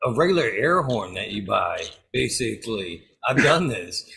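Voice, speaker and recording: A man with a gravelly, husky voice rambles through job-site prank stories. He swears often and stops to hunt for words. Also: on the low side, sing-song, moderate pace, bright, forceful tone. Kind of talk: casual chat.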